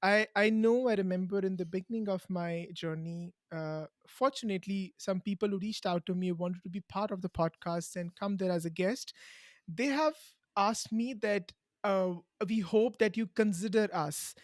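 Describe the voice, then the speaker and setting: A young woman with an Indian accent hosts a podcast. She talks earnestly and encouragingly, at a middle pitch, and leans on repeated phrases for emphasis. The sound is dry and close. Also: normal speed, no room sound. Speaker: podcast host. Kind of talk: conversational interview answer.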